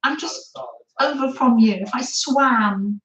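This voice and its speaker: Slow, gentle woman livestreaming crafts. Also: sits high, crowd noise. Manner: gentle, affectionate, greets viewers by name. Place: by the seaside, away from her desk. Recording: roomy, dull lo-fi sound.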